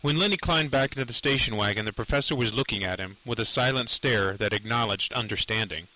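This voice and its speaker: A man narrating a dark novel aloud, in a measured, dramatic storytelling manner. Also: mid-range voice, no echo, low-quality recording. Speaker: audiobook narrator. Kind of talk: scripted narration.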